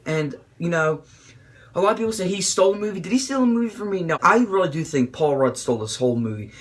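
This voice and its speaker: A young man excitedly reviewing a movie in an informal, rambling way, swearing freely. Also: high-pitched, fast, slightly rough. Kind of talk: casual video review.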